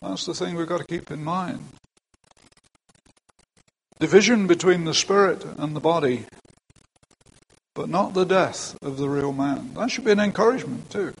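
Older male pastor, husky voice, casual asides while preaching. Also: a little high, normal speed, long pauses, rough recording. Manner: plain conversational preaching with asides. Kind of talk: sermon. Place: church.

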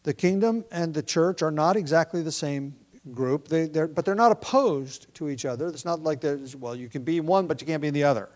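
Preaching as a pastor at a fairly quick clip, this man has a voice on the high side. He thinks out loud, restarting and using fillers often, and drops to a hushed, quieter voice to pray.

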